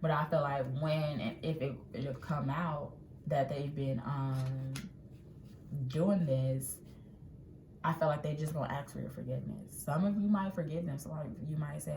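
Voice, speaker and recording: Low-voiced woman, tarot reader, chatty and animated, echoey room, faint noise behind. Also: moderate pace. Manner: chatty, animated, acts out quotes. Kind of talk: casual tarot reading.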